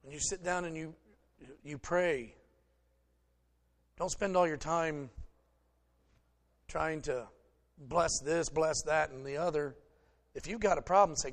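A man's voice: on the high side, measured pace, pauses often. A middle-aged man preaching a conversational sermon, folksy and joking as he talks straight to his congregation. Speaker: pastor.

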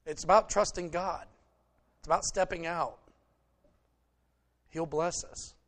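Folksy pastor, a man with a slightly high voice. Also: steady tone, unhurried, a bit bright. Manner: folksy, joking, speaks to the congregation directly. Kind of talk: conversational sermon.

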